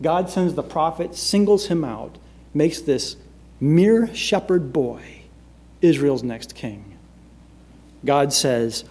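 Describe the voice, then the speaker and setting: High-voiced dramatic male preacher. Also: animated, takes it slowly. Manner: dramatic, shifts between loud emphasis and hushed delivery. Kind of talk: sermon.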